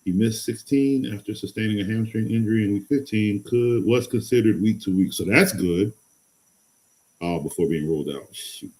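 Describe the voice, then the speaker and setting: A man hosting a live fantasy football stream, excitable and rambling, going from loud hype to low mutters. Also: moderate pace. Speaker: fantasy football show host. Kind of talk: casual live-stream talk.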